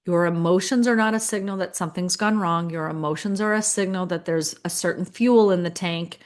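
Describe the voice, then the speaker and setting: Middle-aged woman, lower register, chatty leadership coach who acts out inner thoughts. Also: brisk. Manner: conversational, acts out inner voices, lots of fillers. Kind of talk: coaching talk to school leaders.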